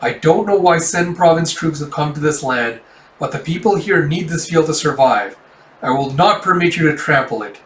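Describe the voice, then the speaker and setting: A man's voice: a little high, expressive, moderate pace, close to an everyday voice. A man voicing an earnest young male lord who firmly protects his village. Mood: firm resolve. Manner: firm, dutiful declarations. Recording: roomy, distant mic.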